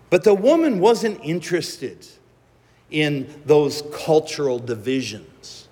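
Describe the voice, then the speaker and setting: A man delivering a sermon at a slow, deliberate pace. His voice rises and falls in a lively way, and he tells the story dramatically. The sound rings with the long reverb of a church hall. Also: fairly high pitch, slightly rough. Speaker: preacher.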